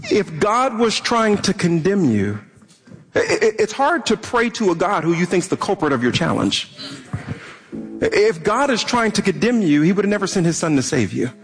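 A man's voice: high-pitched, slight background noise. A man preaching a sermon as a pastor, impassioned and often repeating words as he presses a point.

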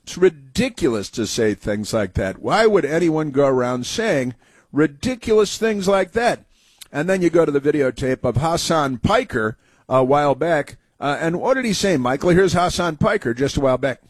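A man's voice: a little high, expressive, moderate pace, slightly rough, dry recording. A male talk radio host giving scornful, sarcastic political commentary in a rambling way.

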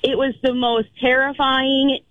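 A woman's voice: high-pitched, little pitch movement, unhurried, no room sound. A woman calling in to a radio show, animatedly retelling a frightening story in casual conversation. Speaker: caller. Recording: tinny phone line.

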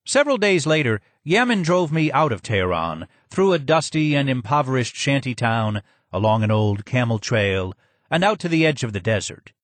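Male audiobook narrator, measured, mid-pitched, dry studio sound. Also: dry recording. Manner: steady, measured storytelling. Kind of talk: scripted first-person narration.

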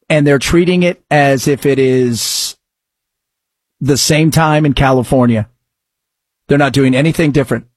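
Talk radio host, male, husky and a bit high-pitched, excitable rambling delivery. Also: no echo. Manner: excitable, rambling, riffing on sports news.

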